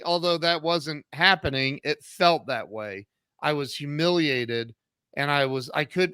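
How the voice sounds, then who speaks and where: A middle-aged author and CEO speaks earnestly about his life in an interview, his fairly high voice suddenly surging louder as he performs remembered dialogue. The tone is clean and the recording dry, with clean studio sound.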